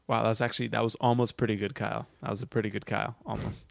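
A man's voice: fairly low pitch, fairly even intonation, racing, creaky, hardly any pauses, no echo, studio quality. A man in his twenties co-hosting a comedy podcast, talking in a rambling, hesitant, easily amused way. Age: 20s. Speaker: podcast co-host. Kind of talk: casual comedic banter.

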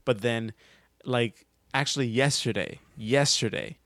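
A young man in his twenties rambles through casual podcast banter, hesitant and easily amused, at a mid pitch. The sound is close and dry. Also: unhurried, fairly bright tone, no echo. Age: 20s. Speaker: podcast co-host.

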